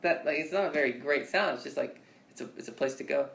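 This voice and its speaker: A man's voice: on the high side, fast talker, vocal fry, fairly bright tone. A man teaching singing in a casual one-on-one lesson, with loose, profane, rambling explanations. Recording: echoey room.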